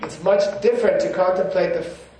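A monk with a high, brisk, slightly mellow voice gives a casual spiritual talk, rambling through personal stories and saying "you know" a lot. The mic sits far away in a very echoey room.

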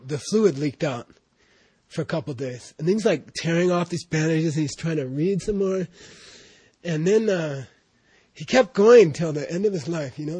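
Man, casual storyteller, rambling and repetitive, husky high voice. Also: a little mellow, dry recording. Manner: rambling, full of "you know" and restarts, laughing at times. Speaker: student recounting memories of his teacher.

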